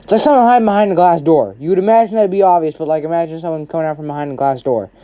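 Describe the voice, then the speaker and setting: A man's voice: a little high, rapid-fire, warm tone, smooth. A man narrating an improvised fan story in a rambling way, swearing and tagging lines with "right?". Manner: rambling, swears a lot, keeps saying "right?".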